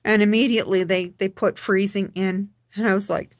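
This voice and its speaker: A woman talking casually in a personal vlog, halting with frequent restarts and repeating words for emphasis. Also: mid-range voice, fairly even intonation, no room sound. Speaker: vlogger.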